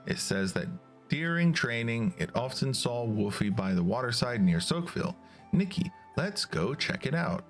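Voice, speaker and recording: A man's voice: mid-range voice, very animated, moderate pace, faint music behind, lightly acted. A man reading a chatty game companion. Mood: explaining. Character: chatty companion who translates for the puppy.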